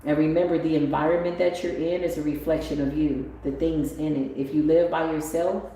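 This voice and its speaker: A woman giving a motivational spiritual talk on a livestream, animated and swinging up into excited exclamations. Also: sits low, fairly quick. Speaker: spiritual tarot reader. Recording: very echoey room with faint ambient noise.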